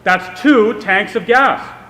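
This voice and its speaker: Man, high voice, public speech, self-deprecating humor, long hall reverb. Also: takes it slowly, heavy background noise. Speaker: speaker at a political event. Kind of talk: public speech with a personal anecdote.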